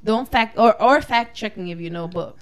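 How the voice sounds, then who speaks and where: A woman co-hosting a casual chat, animated and quick to laugh, swearing freely. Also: medium pitch. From Cuba.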